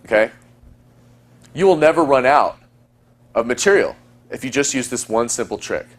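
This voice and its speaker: A man in the middle of his range, teaching in a fast, chatty flow. He coaches listeners on dating and slips into playful example lines. His delivery is conversational, like a recorded lesson. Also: medium pitch, lively intonation.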